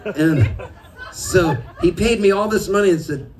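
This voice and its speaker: A man telling stories between songs at a live show, animated and self-mocking, often laughing as he talks. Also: high voice, unhurried. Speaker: singer-songwriter telling stories on stage. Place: live music venue with an audience. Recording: distant live room recording with crowd. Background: audience and ambient noise.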